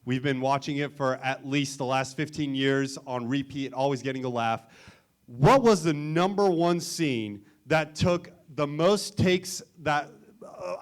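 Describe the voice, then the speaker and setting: A man in a cinema audience asking a polite, slightly halting question. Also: fairly high pitch, fairly bright tone. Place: cinema auditorium.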